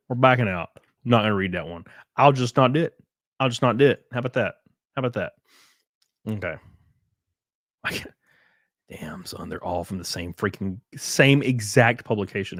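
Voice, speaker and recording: With a lowish voice in a dry, clean studio recording, this man hosts a laid-back livestream. A race car driver, he rambles, swears, jokes, and reads comments from viewers.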